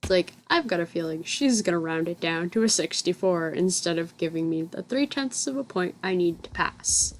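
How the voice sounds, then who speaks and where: Young woman, from the US, slightly low voice, casual voice-over, rambling, self-correcting. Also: lively intonation, normal speed, few pauses. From United States. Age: young adult. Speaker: gaming channel host. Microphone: voice-over recorded separately from the game footage.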